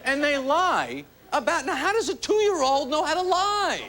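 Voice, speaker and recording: High-voiced man doing stand-up. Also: big pitch swings, moderate pace, few pauses, heavy background noise. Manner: wry observational delivery, exaggerated voice demonstrations. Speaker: comedian. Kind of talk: stand-up comedy routine. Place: TV studio stage. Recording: loud studio audience laughter. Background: roaring crowd laughter.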